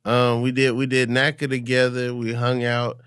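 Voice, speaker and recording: A man's voice: mid-range voice, moderate pace, smooth, dry recording, clean studio sound. Laid-back male podcast host. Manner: relaxed, slangy, short backchannel replies. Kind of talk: casual podcast chat.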